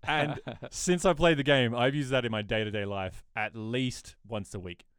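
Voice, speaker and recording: A man in his thirties co-hosting a podcast, telling game stories in casual chat and breaking into high quoted voices. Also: normal speed, clean tone, no echo, studio quality. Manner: animated storyteller, bursts into high-pitched quoted voices. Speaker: podcast co-host.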